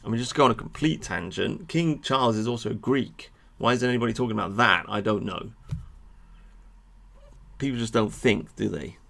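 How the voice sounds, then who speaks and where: Gravelly man ranting about history. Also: on the low side, moderate pace. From England. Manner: animated, sweary, addresses viewers with asides. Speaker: history vlogger. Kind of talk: ranting monologue to camera.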